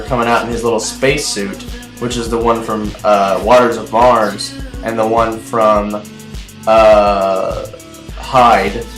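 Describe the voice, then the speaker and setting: A young man giving a casual, rambling TV episode review, chatty and excitable, full of fillers and restarts. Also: fairly low pitch. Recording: echoey room with faint music.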